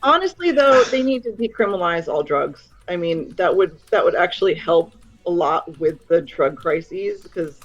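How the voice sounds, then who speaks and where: An American woman on an online call, talking in an animated way and swearing a lot. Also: fairly low pitch, moderate pace, hardly any pauses. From United States. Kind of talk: casual chat. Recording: dull lo-fi call audio.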